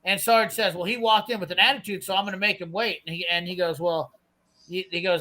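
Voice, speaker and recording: A brash man with a high, bright voice, swearing freely as he spins a story. He acts out the other people's lines while he tells it, in loose, casual chat. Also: fairly even intonation, brisk. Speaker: storyteller on a live garage show.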